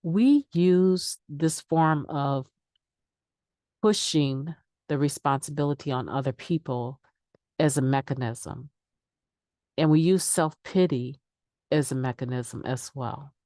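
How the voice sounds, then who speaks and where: A woman's voice: deep voice, slow, long pauses, warm tone, no room sound, clean studio sound. A middle-aged woman speaking candidly at a recovery meditation, sharing her own experience in a conversational way. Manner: candid, conversational, acts out quoted excuses. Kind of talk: daily meditation reading and sharing.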